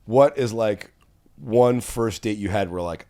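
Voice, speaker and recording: A man's voice: lowish voice, a little slow, mellow. A middle-aged man hosting a podcast, chatting in a blunt, profane, joking way. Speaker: podcast host. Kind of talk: casual comedic chat.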